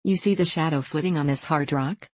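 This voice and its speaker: A woman's voice: low voice, fairly quick, no room sound. A woman voicing a courteous, self-mocking middle-aged prince in a storybook reading. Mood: wry. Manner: courteous, gently teasing.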